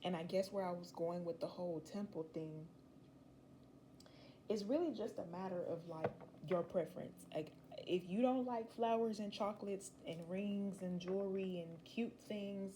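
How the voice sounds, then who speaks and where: A woman's voice: fairly low pitch, dark tone, slight background noise, low-quality recording. A young woman giving a casual, rambling tarot reading, chatty and slangy with emphatic asides. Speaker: tarot reader.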